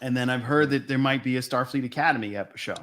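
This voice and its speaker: A man's voice: mid-range voice, fast, a crowd in the background. Man hosting a casual fan chat.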